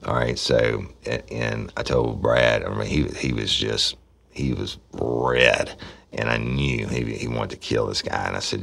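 Gravelly deep-voiced man telling a story. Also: steady tone, unhurried, fairly bright tone. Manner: blunt and profane, acting out his own past dialogue. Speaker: true crime podcast host. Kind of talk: storytelling a past case.

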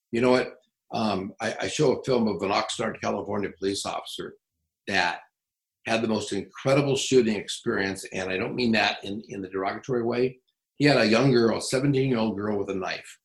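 A middle-aged man working as a police trainer, telling stories in an interview in a blunt, profane, animated way. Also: lowish voice, vocal fry, reverberant, poor audio. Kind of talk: casual interview storytelling.

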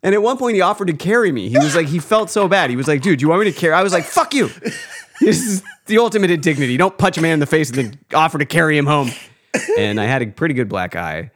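A young man co-hosting a podcast, trading rowdy stories with a friend. His pitch rises and falls a lot as he gets animated, and he breaks into laughter mid-story. Relaxed, casual chat. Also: quick pace, a little hiss or hum. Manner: animated, laughing while telling embarrassing stories. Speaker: podcast co-host.

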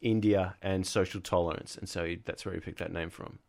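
A man's voice: sits low, steady tone, fairly quick, gravelly, a little mellow. A man co-hosting a casual podcast, reading out his research notes and stopping to laugh and correct himself. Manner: narrates from notes with frequent laughs and self-corrections. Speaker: podcast co-host presenting the research.

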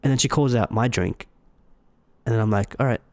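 A man's voice: medium pitch, brisk, no echo. A man telling a story in casual chat, acting out each person's lines. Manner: animated storytelling, acting out dialogue.

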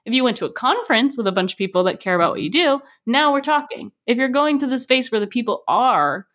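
A young woman hosting a casual conversation about marketing. She tells stories in a lively way and acts out the voices of people she quotes. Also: on the high side, quick pace. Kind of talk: casual chat.

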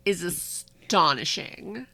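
A woman's voice: on the low side, animated, slow, creaky, sharp tone, no echo. A woman co-hosting a podcast, giving short astonished reactions to a story. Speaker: podcast co-host. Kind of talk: casual chat, reacting to a story.

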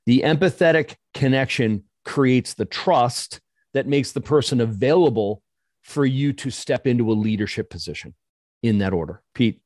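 A man co-hosting a coaching podcast, talking quickly and acting out his stories. His voice sits at a middle pitch. It is recorded dry and close. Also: no room sound. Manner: lively, animated storyteller. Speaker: podcast co-host coaching chiropractors. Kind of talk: casual podcast conversation, storytelling.

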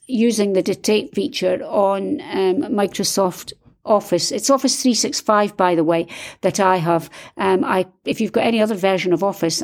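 A woman's voice: mid-range voice, darkish tone. A Scottish woman, an author hosting a solo podcast, talking in an enthusiastic, chatty way with frequent ums and a slightly strained throat.

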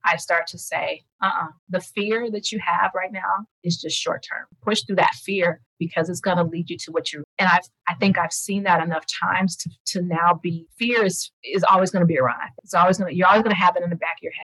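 A woman in her thirties, a podcast guest and author, talking in an animated, emphatic way and often laughing. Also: on the low side, breathy edge, no echo, poor audio. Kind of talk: conversational interview.

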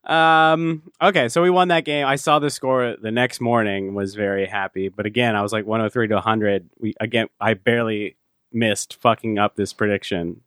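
A man's voice: fairly low pitch, steady tone, moderate pace, a bit bright, smooth, no echo, clean studio sound. A man co-hosting a casual sports podcast, talking bluntly, swearing now and then and laughing often. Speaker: podcast co-host.

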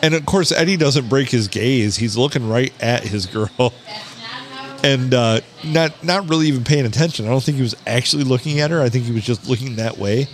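A man hosting a podcast from a bar, telling a story in a casual, animated way, swearing and quoting people. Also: medium pitch, a little fast. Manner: swearing, animated anecdote teller who quotes people. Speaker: podcast host.

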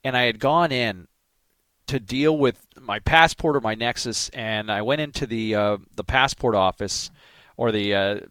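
A man's voice: medium pitch, unhurried, a bit bright, no room sound. A Canadian man hosting a morning radio show, telling a story in a rambling casual way and growing more worked up as he goes. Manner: rambling, with many fillers and restarts, gets worked up.

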